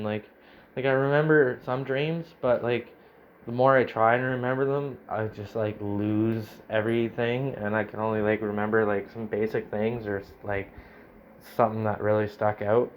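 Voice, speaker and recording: Rambling man musing, flat voice. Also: on the low side, moderate pace, a little hiss or hum. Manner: rambling, heavy use of "like". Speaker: video game commentator. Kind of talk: reading aloud and commenting. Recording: slightly dull lo-fi recording.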